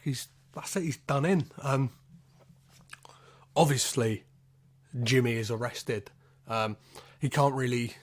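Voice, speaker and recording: A British man hosting a solo podcast, recapping a film in a rambling, sweary way, full of "like" and "um". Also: medium pitch. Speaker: podcast host.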